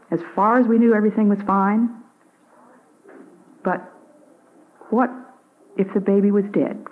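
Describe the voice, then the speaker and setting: Older lady giving a radio devotional, earnest, slow and emphatic, mid pitch. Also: a little mellow, low-quality recording. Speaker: Christian speaker.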